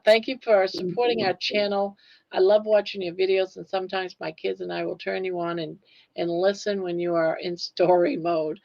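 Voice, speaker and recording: A woman's voice: medium pitch, little pitch movement, normal speed, vocal fry, a little mellow. A woman co-hosting a casual live chat, easygoing and full of fillers. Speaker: co-host guest. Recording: dull lo-fi audio.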